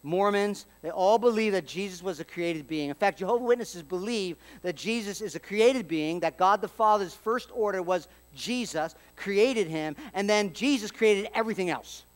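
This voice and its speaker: Man, pastor, sermon, high voice, loud-to-quiet swings, wry asides. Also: normal speed, few pauses. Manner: dynamic preaching with wide swings between loud emphasis and quiet; humorous asides.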